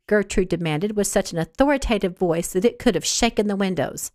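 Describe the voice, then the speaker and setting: Woman reading a novel aloud, animated. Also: fairly low pitch, normal speed, hardly any pauses, no echo, clean studio sound. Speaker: author reading her novel. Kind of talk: audiobook narration read aloud.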